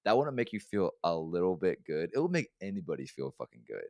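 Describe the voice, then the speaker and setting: Deep-voiced young guy telling stories fast. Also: no echo, studio quality. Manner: fast-talking, swears a lot, animated storytelling. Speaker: podcast co-host. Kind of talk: casual chat.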